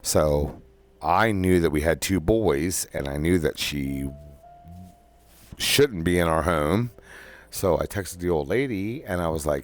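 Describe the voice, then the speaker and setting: A man with a very low, deep voice talks in a slow, unhurried monologue about his life. He rambles, filling the gaps with ums and starting his sentences over, and he has the hiccups. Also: animated. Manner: rambling with many ums and restarts. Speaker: podcast host. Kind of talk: casual personal monologue.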